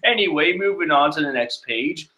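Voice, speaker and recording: A man's voice: on the high side, lively intonation, normal speed, sharp tone. A young man chatting casually as he reacts to a comic, rambling and full of fillers. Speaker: manga reaction host. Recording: echoey room.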